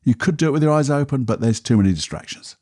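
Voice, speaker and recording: A man, a podcast host and therapist, talking a listener calmly through a guided exercise in a soft, unhurried voice. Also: mid-range voice. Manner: calm, soft, unhurried guiding voice.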